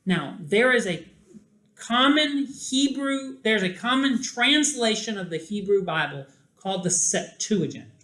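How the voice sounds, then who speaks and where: A man lecturing a class on scripture, taking his time and drawing out the words he wants to stress. His voice sits high and sounds bright. The recording has a roomy echo, as in a classroom. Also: expressive. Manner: deliberate, stretches key words for emphasis. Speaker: teacher.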